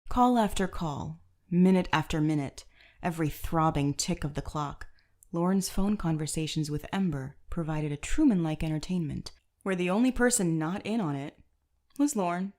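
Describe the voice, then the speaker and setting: Low-voiced woman narrating. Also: normal speed, a little mellow. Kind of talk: scripted narration.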